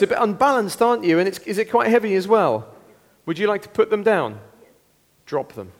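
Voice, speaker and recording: Guy preaching to the congregation, pretty high voice, playful and bouncy, lots of oh my word, echoey church hall. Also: fairly quick. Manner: lively, playful, exclaiming. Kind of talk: interactive all-age sermon.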